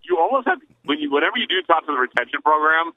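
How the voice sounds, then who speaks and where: A man's voice: fairly high pitch, very animated, fast talker, dry recording, phone-quality sound. A man co-hosting a radio talk show, playful and acting out phone calls in casual banter. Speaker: radio co-host. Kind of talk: casual radio banter with role-play bits.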